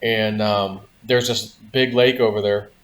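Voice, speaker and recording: A man's voice: fairly low pitch, fairly even intonation, a little slow, fairly bright tone. A man hosting a vlog, telling a story in a casual, rambling way, full of "you know" and "like". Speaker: vlog host.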